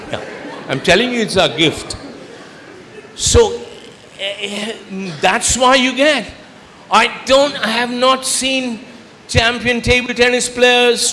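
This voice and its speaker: His very high voice sounds bright and pushed as he addresses students as chief guest speaker, often quizzing them during his motivational speech. Recorded in an echoey school auditorium, the clip has faint ambience and slight hiss or hum.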